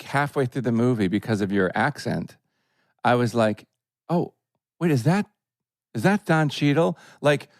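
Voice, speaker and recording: A man co-hosting a podcast, asking rambling questions that slow and trail off as he thinks. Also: medium pitch, no echo, clean studio sound. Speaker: podcast co-host. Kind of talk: casual chat, interviewing.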